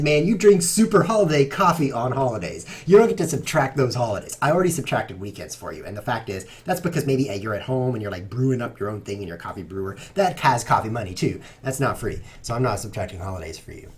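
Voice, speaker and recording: Here the chess livestream host chats at his computer while playing, loose and rambling with a sarcastic, playful edge. His medium-pitched voice is animated and fast, with few pauses.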